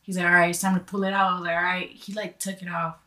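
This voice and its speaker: A woman's voice: fairly low pitch, racing. Young woman telling a profane story. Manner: animated, profane storytelling with lots of "like". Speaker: guest. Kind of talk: casual storytelling chat.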